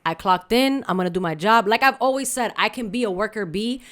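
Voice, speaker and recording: A woman's voice: mid-range voice, brisk, a bit bright. A woman podcast co-host telling a candid story in casual chat, full of slang and Spanish asides.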